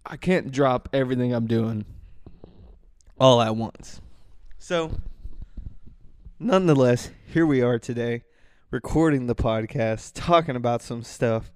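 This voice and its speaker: A man's voice: medium pitch, darkish tone, clean tone, dry recording, clean studio sound. Rambling, profane man on a podcast. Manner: rambling, profane, breaks into rants. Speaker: podcast host. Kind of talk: casual solo podcast talk. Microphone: microphone close to mouth.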